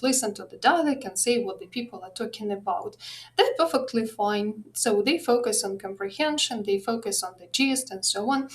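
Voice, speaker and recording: Hesitant Ukrainian-accented woman lecturing. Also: fairly high pitch. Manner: hesitant, many fillers and restarts. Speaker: lecturer presenting a webinar. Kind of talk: online teaching webinar.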